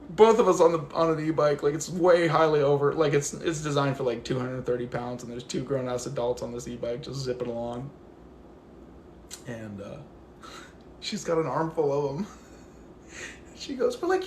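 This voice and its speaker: The livestream host, a man with a voice on the high side, speaks at a moderate pace and pauses often. He's ranting casually while out with his dog, in an echoey-sounding space with slight background noise. An animated storyteller, he acts out what people said and swears freely.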